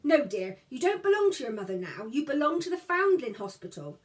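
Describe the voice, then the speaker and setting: A woman's voice: high-pitched, big pitch swings, brisk, voice pushed up. Weary, fond mother, as a woman reads her. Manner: exasperated but affectionate.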